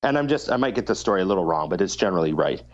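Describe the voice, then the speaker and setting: A man's voice: deep voice, animated, racing, lo-fi sound, a little hiss or hum. A man co-hosting a podcast, telling a long story in casual chat and swearing freely. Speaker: podcast co-host.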